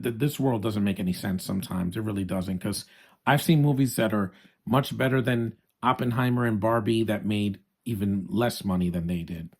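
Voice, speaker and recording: A man's voice: lowish voice, darkish tone. A man giving a casual, opinionated movie review, talking straight to his viewers with frequent restarts.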